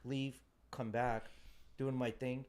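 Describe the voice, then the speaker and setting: A man's voice: medium pitch, little pitch movement, slow pace, darkish tone. A man co-hosting a casual podcast, speaking bluntly and emphatically with a lot of swearing. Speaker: podcast co-host. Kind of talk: casual chat.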